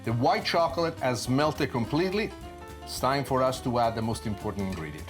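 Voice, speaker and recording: A man in his sixties with an Italian accent, hosting a cooking show and explaining a dessert in an expressive, storytelling way. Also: mid-range voice, brisk, music in the background. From Sicily, Italy. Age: 60s. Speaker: TV chef host.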